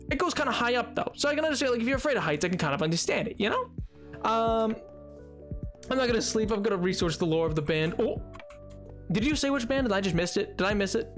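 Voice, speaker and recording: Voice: medium pitch, fairly bright tone. A livestreamer chatting casually while gaming, rambling with lots of restarts and filler words.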